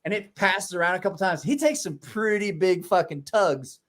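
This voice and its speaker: Man, forties, high voice, profane casual storyteller, animated delivery. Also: normal speed. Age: 40s. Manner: profane, animated anecdote telling. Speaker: podcast host.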